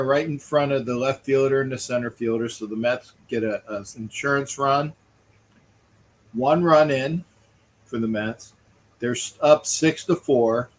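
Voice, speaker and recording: A man hosting a live stream, rambling through casual talk and greeting viewers by name between calls of the game. His pace is slow and unhurried, and his pitch sits in an ordinary middle range. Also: fairly bright tone, poor audio. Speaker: livestream host. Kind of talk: casual live chat with play-by-play.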